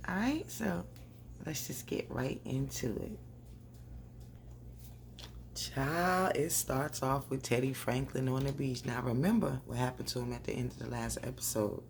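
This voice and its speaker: A woman doing a casual, animated recap of a TV episode, talking straight to her viewers and laughing often. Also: very deep voice, unhurried, gravelly, a little hiss or hum. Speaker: TV recap vlogger. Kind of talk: casual chatty show recap.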